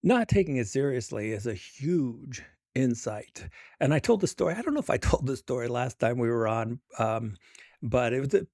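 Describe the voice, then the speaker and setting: A man's voice: mid-range voice, sing-song, moderate pace, a little mellow, no echo, studio quality. A middle-aged man, an author being interviewed, talking in a chatty, self-amused way with lots of fillers. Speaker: author and guest. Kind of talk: casual interview conversation.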